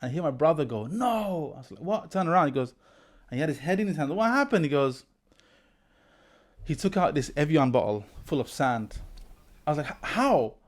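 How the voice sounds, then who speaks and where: A man in his forties, a teacher hosting a podcast, tells animated anecdotes and acts out the people he quotes. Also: mid-range voice, a little fast, long pauses. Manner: animated anecdotes, quoting people with lively voice shifts. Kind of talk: casual storytelling in an interview.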